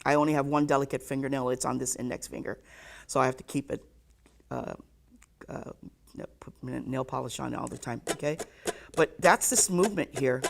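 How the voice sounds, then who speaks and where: Gravelly-voiced ukulele teacher. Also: medium pitch, normal speed, background noise. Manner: checks in with "okay?" after nearly every point; counts beats aloud while demonstrating. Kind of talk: live online music lesson.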